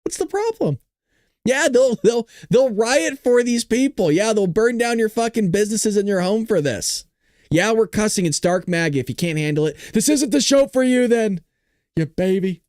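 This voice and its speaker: A man hosting a political commentary show, reacting to a clip with loud, profane, mocking rants. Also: high voice, lively intonation, moderate pace, dry recording, clean studio sound.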